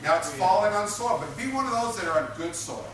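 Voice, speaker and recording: A man's voice: high voice, lively intonation, a little fast, a little hiss or hum. A man preaching a sermon, emphatic and repetitive, drawing responses from his congregation. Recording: echoey room picked up from a distance.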